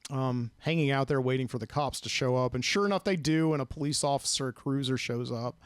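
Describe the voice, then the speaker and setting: A man's voice: medium pitch, brisk, clean tone, no echo. A man hosting a podcast, telling a late-night story in a rambling, self-deprecating way and acting out the people he quotes. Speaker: podcast host. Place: studio.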